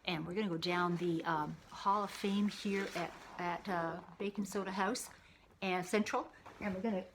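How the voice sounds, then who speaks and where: A woman's voice: mid-range voice, a little hiss or hum. A woman hosting an explanatory history video, chatting casually and reading old newspaper clippings aloud. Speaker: video host.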